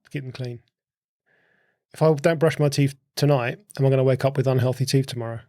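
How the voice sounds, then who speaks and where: A man, a guest on a podcast, explaining things in a relaxed chat by asking rhetorical questions and often repeating words as he thinks. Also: medium pitch, a little fast, dry recording, studio quality. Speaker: podcast guest, host's husband. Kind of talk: casual conversational explaining.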